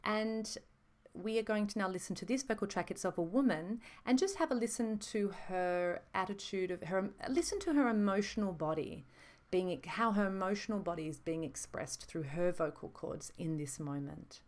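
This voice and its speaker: A woman teaching about voices in a measured, explanatory monologue. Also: mid-range voice, a little mellow. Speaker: voice instructor.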